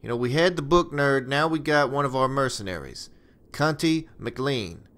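Man playing a folksy, foul-mouthed mercenary boss, mid pitch, drawling. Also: expressive, moderate pace, fairly bright tone, lightly acted. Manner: drawling, crude, friendly. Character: folksy male mercenary boss giving contracts.

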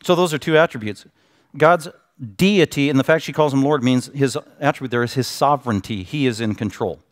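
A middle-aged man giving a sermon as pastor, moving between low, quiet teaching and loud, emphatic preaching. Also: a little fast. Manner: acts out a self-pitying listener in a strained high voice. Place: church sanctuary.

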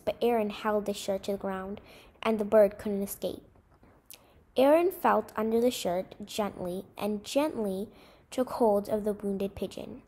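A woman narrating a short story aloud in a measured, expressive storytelling manner. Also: mid-range voice, slightly rough. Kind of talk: scripted story reading.

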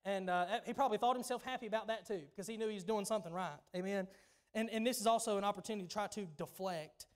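High-voiced Southern pastor preaching emphatically. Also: male voice, quick pace, smooth. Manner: emphatic, conversational preaching with repetitions. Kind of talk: sermon. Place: church.

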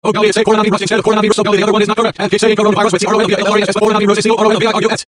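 A male channel host rambling excitably through a reading and his own commentary, exclaiming over and over, with the playback sped up. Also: sits high, very fast. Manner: excitable, keeps exclaiming "oh golly".

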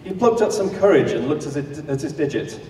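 A man's voice: a little high, animated, brisk, warm tone. A man narrating a comic story in rhythmic rhyming verse, heard from a distance in an echoey hall. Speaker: comic performer.

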